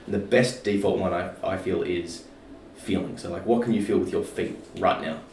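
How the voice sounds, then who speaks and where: A man's voice: low voice, moderate pace, a little mellow. A man talking casually about anxiety, loose and informal, with lots of fillers and some swearing. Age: adult parent of a toddler. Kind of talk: casual chat. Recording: roomy, distant mic with faint noise.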